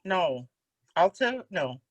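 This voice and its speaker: A woman with a deeper alto voice chats on a podcast. She tells stories with a lively, swinging pitch and acts out the voices of other people. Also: takes it slowly, highs cut off. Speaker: podcast co-host. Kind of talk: casual chat.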